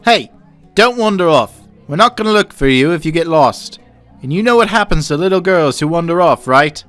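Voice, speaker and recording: An actor voicing a hot-tempered young male gangster with a gruff, snapping delivery in an audiobook. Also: medium pitch, very animated, normal speed, faint music behind, lightly acted. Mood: irritated.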